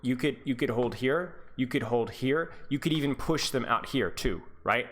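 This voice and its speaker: A man's voice: medium pitch, normal speed, fairly bright tone, slight background noise. A man coaching a player over voice chat, encouraging and repetitive, telling stories to make his point. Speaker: esports coach.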